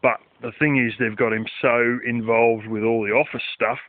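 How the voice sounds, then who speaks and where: A man's voice: mid-range voice, fairly even intonation, moderate pace, no room sound. Man, casual rambling vlog, swears offhand, narrow tinny sound, dry close recording. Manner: loose, swears casually, many fillers. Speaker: vlogger. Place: outdoors at night.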